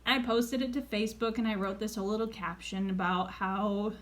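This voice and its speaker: A woman in her late twenties telling a personal story in a vlog, earnest and excited, raising her voice when quoting others. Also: mid-range voice, brisk. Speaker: vlogger.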